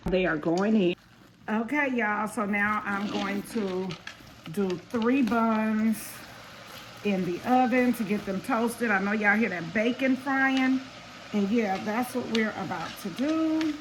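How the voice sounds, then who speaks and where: A woman's voice: mid-range voice, takes it slowly, a little hiss or hum, poor audio. A woman hosting a casual home cooking video, chatting straight to her viewers as she cooks. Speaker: cooking vlogger. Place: home kitchen.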